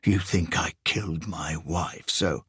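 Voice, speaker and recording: A man voicing a distraught, bewildered husband held hostage, with a hushed, tense, disbelieving manner. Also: rumbling low, slow pace, breathy edge, no room sound, clean studio sound, pitched below the performer's own voice, exaggerated voice.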